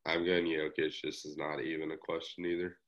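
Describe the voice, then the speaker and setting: A man's voice: extremely low pitch, little pitch movement, a little fast, a bit bright, muffled recording. A man co-hosting a casual podcast, bantering and arguing his point in a joking way. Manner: argumentative, joking.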